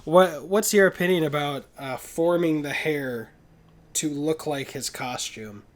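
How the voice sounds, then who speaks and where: Upbeat man co-hosting a film podcast. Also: a little high. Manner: upbeat, quick asides, quotes movie lines. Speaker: podcast co-host. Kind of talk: casual film podcast chat. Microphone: video call.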